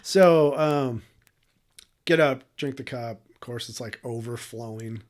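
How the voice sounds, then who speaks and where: Speaking slowly in a mid-range voice, a man co-hosting a podcast tells a story with candor and emotion. The casual chat is profane and full of laughter.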